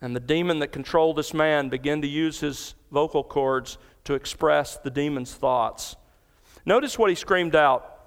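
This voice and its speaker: A man's voice: fairly high pitch, normal speed, clean tone, long reverb tail. A man preaching a sermon as pastor, explaining scripture verse by verse with earnest emphasis in a large church. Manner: earnest expository preaching, cites scripture references.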